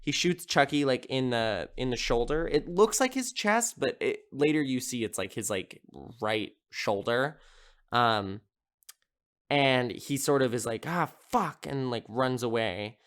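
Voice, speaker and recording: A man's voice: medium pitch, lively intonation, a little slow, clear, resonant tone. A man hosting a podcast, casually recapping a horror film in a rambling, amused way, with lots of filler words. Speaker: podcast host.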